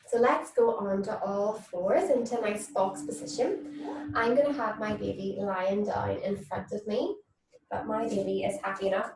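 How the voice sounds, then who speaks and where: A woman leading a mum and baby yoga class, giving soft, soothing instructions and cooing at babies in a sing-song voice. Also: mid-range voice, fairly even intonation, moderate pace, slight background noise. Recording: echoey room, mic at a distance.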